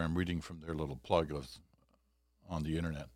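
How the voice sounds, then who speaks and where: Low-voiced man reading aloud, dry sound. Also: a little fast, dry recording. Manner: relaxed, conversational asides between reading. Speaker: podcast host.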